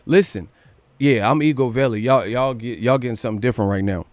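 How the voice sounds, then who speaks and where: Profane animated livestream host. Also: male voice, medium pitch, no echo. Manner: animated, profane, rapid rhetorical questions. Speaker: boxing news livestream host. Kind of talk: casual livestream rant.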